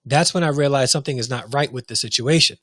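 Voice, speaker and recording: A man's voice: medium pitch, quick pace, fairly bright tone, no room sound. Fired-up man ranting into a dry mic. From United States. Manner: heated, repetitive, restarts often. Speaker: show host. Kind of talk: impassioned commentary.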